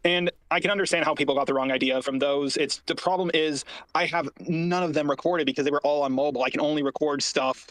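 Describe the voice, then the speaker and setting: A man's voice: on the high side, steady tone, fairly bright tone, no room sound. Man rambling defensively on a call. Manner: rambling, halting, defensive explanations. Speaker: online creator in an archived call. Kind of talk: casual call conversation.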